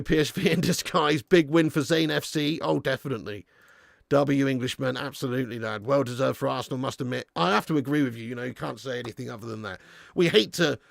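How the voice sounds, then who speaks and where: A man hosting a live football watch-along, commentating excitedly and chatting casually with viewers in the comments. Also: fairly high pitch, vocal fry, no echo, clean studio sound. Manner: excitable, jumps up at big moments. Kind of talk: live match commentary reading chat.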